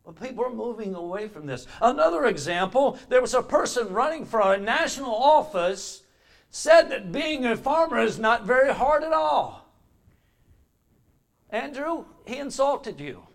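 An older man delivers a sermon, his voice sitting rather high for a man. He has a relaxed, folksy way of telling stories and homespun asides from the pulpit. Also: a little slow, vocal fry. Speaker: pastor.

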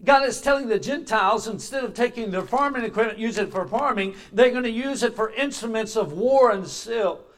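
A man's voice: very high-pitched, brisk, few pauses. An older man preaching a sermon in a church, telling folksy homespun stories. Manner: folksy storytelling with homespun asides. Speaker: pastor.

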